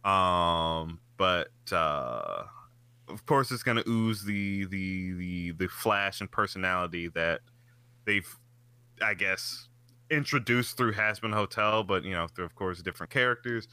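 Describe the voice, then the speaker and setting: A man co-hosting a casual podcast chat, animated and swearing freely, his voice jumping up when he gets excited. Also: sits low, measured pace, clear, resonant tone, dry recording. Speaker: podcast co-host.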